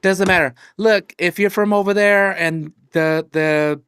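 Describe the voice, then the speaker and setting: A man's voice: high-pitched, fairly even intonation, a little slow, a bit bright, clean tone, no room sound, studio quality. A man co-hosting a podcast, chatting casually and laughing often as he restarts sentences. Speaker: podcast co-host. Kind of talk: casual political chat.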